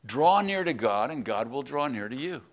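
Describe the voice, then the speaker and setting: Male pastor, conversational sermon, halting restarts, quiet prayerful asides, church. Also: mid-range voice, big pitch swings.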